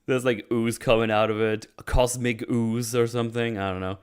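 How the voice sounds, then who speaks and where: A man's voice: mid-range voice, little pitch movement, normal speed, clean tone. A man hosting a podcast, casually recapping a horror film with loose, laughing, sweary storytelling. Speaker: podcast host.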